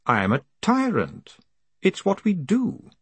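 A man doing a slow, coldly calm tyrant. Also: high-pitched, slightly rough, no room sound, pitched above the performer's own voice, exaggerated voice. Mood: cold menace. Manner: slow, measured, quietly menacing. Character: cold, calm male tyrant ruler.

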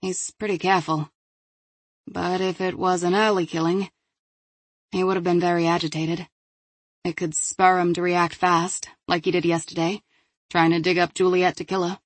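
A woman voicing a sharp female criminal profiler who speaks in a dry, analytical way. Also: lowish voice, level tone, moderate pace, long pauses, no room sound, natural voice.

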